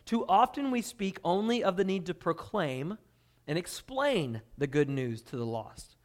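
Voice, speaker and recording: A man preaching a sermon as pastor, swinging between hushed intensity and loud emphasis while reading scripture. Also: sits high, sing-song, measured pace. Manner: dynamic preaching, drops to quiet intensity then swells loud.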